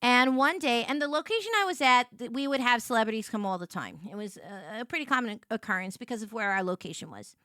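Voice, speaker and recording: A young woman streaming tells a casual story to her chat at a fast clip, rarely pausing, full of restarts, fillers and "like"s. Her bright, sharp-edged voice sits high with wide swings, leaping into higher voices when quoting people. The audio is dry and close, with no echo.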